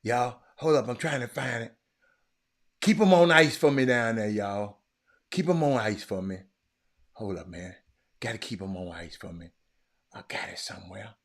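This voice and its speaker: Animated man teasing his viewers. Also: fairly low pitch, moderate pace, long pauses. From Texas. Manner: animated, teasing viewers by name, often shouting. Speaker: livestream host talking sports. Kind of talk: casual live stream chat with viewers.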